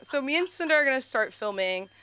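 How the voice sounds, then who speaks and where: A woman doing a stand-up comedy set on a club stage, telling animated stories with constant "like"s. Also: high-pitched, fast talker, crowd noise. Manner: animated storytelling, heavy use of "like". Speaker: stand-up comedian and show host.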